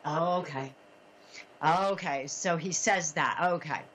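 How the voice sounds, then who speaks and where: A woman hosting a psychic medium call-in show, speaking gently and haltingly with many fillers and soft laughs. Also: low voice, slight background noise, poor audio. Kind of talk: call-in radio reading.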